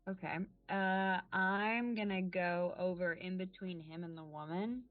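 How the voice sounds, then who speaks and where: A woman taking her turns in a tabletop role-playing game, bold and brisk in character. Her voice sits a little low and sounds dry and narrow, as if over a phone line, with faint music behind. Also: fairly even intonation, no room sound. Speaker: player.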